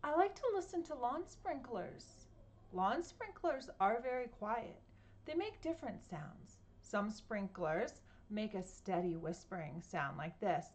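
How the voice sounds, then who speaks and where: A woman at home reads a picture book aloud to children, playfully imitating sounds and asking them questions. Her voice is medium-pitched and animated, and she takes her time.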